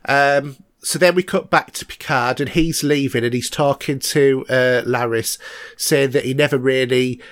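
An English man co-hosts a podcast, talking through a TV episode in a loose, chatty way. He hesitates often and leans on fillers and restarts. His voice sits at an ordinary middle pitch. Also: fairly even intonation, normal speed, no echo, clean studio sound. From England. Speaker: podcast co-host. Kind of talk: casual chat recapping a TV episode.

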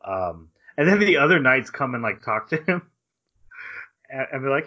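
A man hosting a casual podcast, retelling anime scenes in a lively way and acting out quick quotes from the characters. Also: medium pitch. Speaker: podcast host. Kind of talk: casual recap of an anime episode. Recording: slightly dull lo-fi podcast audio.

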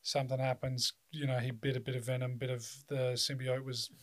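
A man's voice: medium pitch, flat delivery, fairly quick, crowd noise. A man in casual chat, blunt and opinionated about films, swearing often. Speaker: podcast co-host.

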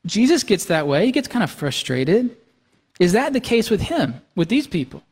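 A man's voice: high voice, sing-song, moderate pace, a little mellow, breathy edge. A man preaching a sermon as pastor, talking with the congregation in a conversational way and checking in with "right?" and "okay?". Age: young adult to middle-aged, has young kids. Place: church sanctuary. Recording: long reverb of a church hall.

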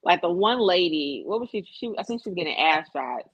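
A woman co-hosting a casual chat, telling stories in an animated, profane way and laughing often. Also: on the low side, a little fast, breathy edge, no echo, muffled recording.

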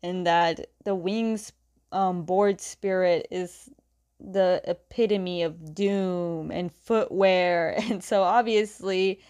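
A woman's voice: fairly low pitch, fairly even intonation, takes it slowly, darkish tone. A young woman casually retelling a comic's plot, chatty, with fillers and giggles. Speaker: comic recap host.

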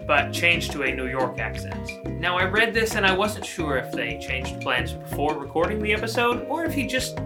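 A man co-hosting a podcast in casual chat, talking in a rambling, chatty way. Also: on the high side. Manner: rambling, chatty, loses his words. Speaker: podcast co-host.

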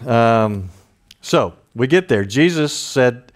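A man's voice: low voice, unhurried. A man preaching a conversational sermon, with informal asides and chuckles. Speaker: pastor.

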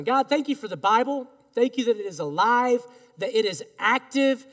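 A male pastor with an unusually high voice delivers an earnest, emphatic sermon. He leads his congregation in call-and-response. His words ring with the long reverb of a large church hall. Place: church sanctuary.

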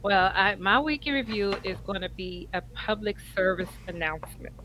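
A woman, co-hosting a casual chat and giving earnest, animated advice. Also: mid-range voice, normal speed, slight background noise, low-quality recording. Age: 50s. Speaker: co-host.

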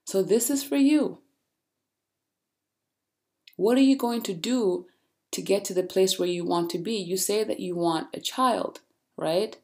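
A woman hosting a podcast, talking straight to listeners with blunt, animated, faith-based encouragement. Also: mid-range voice, unhurried, pauses often. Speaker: podcast host. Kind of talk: casual motivational monologue.

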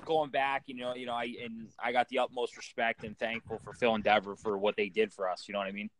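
A man's voice: medium pitch, flat delivery, quick pace. A man telling rowdy stories in casual chat, swearing freely and laughing often. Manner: profane storyteller, laughs often.

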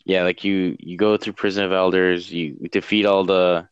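A young man with a very deep, smooth voice chats casually, pausing often and filling gaps with "like". The recording is dry and close. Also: flat delivery, no echo, dull audio. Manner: hesitant, many fillers and restarts. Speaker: streamer. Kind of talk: casual chat.

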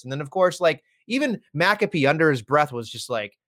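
Animated, profane ranting podcast man. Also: on the high side, normal speed, hardly any pauses. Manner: heated ranting, heavy swearing. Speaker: podcast co-host. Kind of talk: casual wrestling podcast chat.

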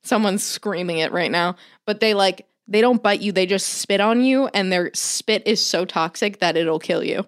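A woman's voice: medium pitch, moderate pace, hardly any pauses. A woman in casual chat, swearing freely and mimicking people as she tells stories.

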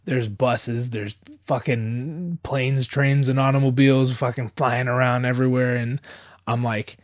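A man's voice: medium pitch, measured pace, no room sound, clean studio sound. A young man casually telling a story, swearing freely and often restarting his sentences. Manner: profane, animated, many restarts.

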